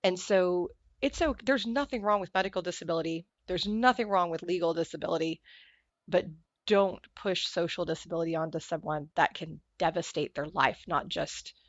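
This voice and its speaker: A woman guest in a conversational interview who tells stories in an animated way and acts out the voices she quotes. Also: fairly low pitch, normal speed, no room sound. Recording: dull lo-fi sound, dry.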